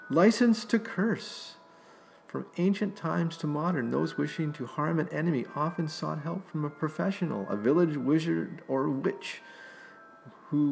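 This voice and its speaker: A man reading a story aloud and chatting about it in an enthusiastic, musing way, with loud music behind him. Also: medium pitch, vocal fry, poor audio. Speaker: story reader and host.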